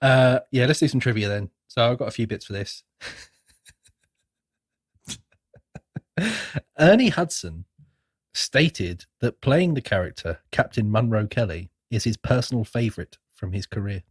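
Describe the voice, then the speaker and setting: A man's voice: mid-range voice, expressive, a little slow, pauses often, slightly rough, no room sound, clean studio sound. A young man co-hosting a podcast, chatting casually about a film with fillers and laughs. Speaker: podcast co-host. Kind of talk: casual film review chat.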